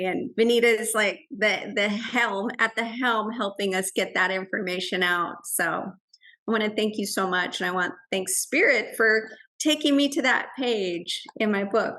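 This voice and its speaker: Woman guest on a podcast call, slow and thankful. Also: mid-range voice, pushed and bright. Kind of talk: reading aloud then chatting.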